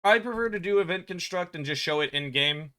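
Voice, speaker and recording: A man developing a game, thinking aloud in a halting way, correcting himself as he works and muttering to himself. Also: sits high, lively intonation, pushed and bright. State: hiccuping. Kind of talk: thinking aloud while working.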